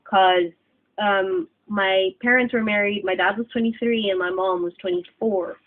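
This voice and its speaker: A woman's voice: mid-range voice, measured pace. A woman, chatting casually and rambling with lots of fillers in a vlog. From Philippines. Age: 20s. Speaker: vlogger. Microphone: cell phone camera. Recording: tinny phone-like lo-fi audio.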